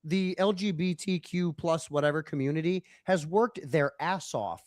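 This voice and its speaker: Podcast host dude, kinda high voice, dry close sound, blunt n jokey. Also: male voice, moderate pace, no room sound. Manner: joking, blunt and profane. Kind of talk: casual podcast chat.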